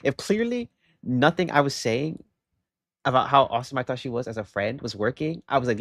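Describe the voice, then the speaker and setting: A young man livestreaming, telling a story in animated, rambling casual chat, often saying "bro" and "okay?". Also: mid-range voice, a little fast, no echo, studio quality.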